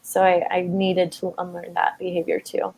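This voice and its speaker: A woman's voice: on the low side, monotone, normal speed, vocal fry, a little mellow, slightly rough. A woman in her thirties telling a personal story in a conversation, open and emotional, with many fillers. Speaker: guest.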